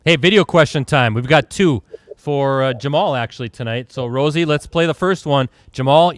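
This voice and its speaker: A man's voice: medium pitch, moderate pace, dry recording. A man from Wisconsin hosting a live virtual sports show. He runs a quiz game with upbeat energy, keeps things moving and talks over a video call. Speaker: host.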